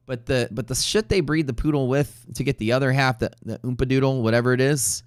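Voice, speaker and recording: A man hosting a live trading stream, chatting casually in a rambling way with profane jokes and quick asides to viewers. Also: medium pitch, clean tone, dry recording, clean studio sound. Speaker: livestream trading host.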